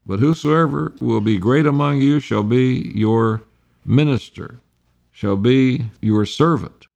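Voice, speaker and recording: A man with a gravelly, creaky voice at a middle pitch leads a Bible study. He reads a passage of scripture aloud, then goes back over it in his own plain, everyday words. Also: a little mellow. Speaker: pastor.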